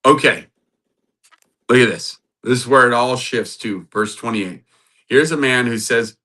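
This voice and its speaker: A man's voice: mid-range voice, measured pace, pauses often, bright, forceful tone. A man teaching from the Bible in a sermon style, reading scripture aloud and building to emphatic, repeated phrases. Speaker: preacher.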